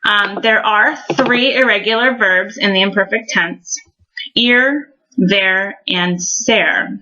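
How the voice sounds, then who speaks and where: A woman's voice: mid-range voice, takes it slowly, pushed and bright, dull audio. A woman explaining verb endings in a recorded language lesson, friendly and patient, with frequent ums. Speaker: Spanish teacher.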